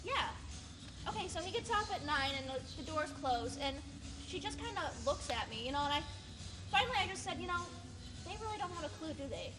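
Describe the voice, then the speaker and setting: A woman's voice: very high-pitched, lively intonation, brisk. A woman acting as a chatty office worker telling a wry story to an audience, in a student stage play. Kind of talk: stage monologue. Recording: stage recording from far off.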